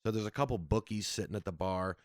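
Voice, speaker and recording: A comedian guest telling road stories in a casual, animated way, acting out other people's voices. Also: male voice, fairly low pitch, fast, dry recording, studio quality. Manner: animated, acts out voices in his anecdotes. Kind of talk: casual storytelling.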